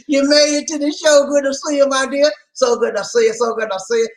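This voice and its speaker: A man's voice: very high-pitched, steady tone, fairly quick, low-quality recording. A middle-aged man from South Carolina with a Southern accent, hosting a casual livestream and greeting viewers with playful laughter. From Charleston, South Carolina. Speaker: livestream host.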